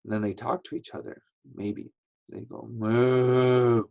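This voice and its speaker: A man teaching a slow English lesson to young learners, patient and repetitive, acting out sounds as he explains. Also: on the low side, fairly even intonation, creaky, a little mellow, slightly rough. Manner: patient, repeats words, acts out sounds.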